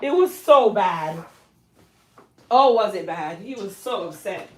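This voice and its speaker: A woman vlogger in her hair salon, telling a funny personal story in a casual, animated way with lots of laughter. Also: medium pitch, slow pace, slight background noise.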